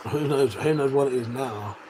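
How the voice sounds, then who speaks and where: An Englishman in his forties chats casually on a live stream, reading viewer comments aloud, laughing, swearing and bantering. His mid-range voice is a little mellow and moves at a moderate pace, with slight background noise.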